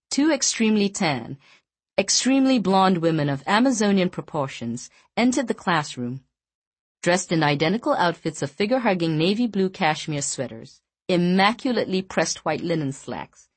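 Woman reading an audiobook, low voice, steady and even, dry close sound. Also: breathy edge, no echo. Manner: measured, even storytelling. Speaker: audiobook narrator. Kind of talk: scripted narration.

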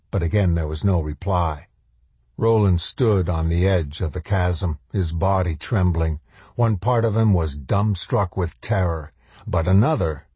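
A man reads a novel aloud in a low, dark voice with a husky grain. His pacing is measured and slows down for the weightiest lines. The recording is dry and close, with no room sound. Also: dry recording. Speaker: audiobook narrator. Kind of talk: scripted narration of a novel.

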